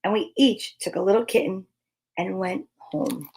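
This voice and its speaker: A woman's voice: medium pitch, measured pace, creaky, slightly rough. A woman hosting storytime, reading a children's book aloud expressively. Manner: expressive, animated. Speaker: storytime host.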